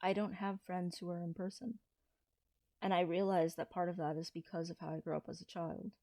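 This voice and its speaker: A trans man in his thirties, talking through a personal confessional vlog in a low-key, hesitant way with frequent restarts. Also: level tone, fairly quick, mellow, no echo. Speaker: vlogger.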